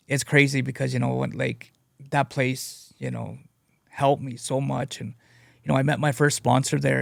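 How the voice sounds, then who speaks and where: A man sharing his addiction recovery story as a guest speaker. He talks in a halting, earnest way and leans on "you know" a lot. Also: medium pitch, vocal fry, dry recording, studio quality. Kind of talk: personal testimony, casual storytelling.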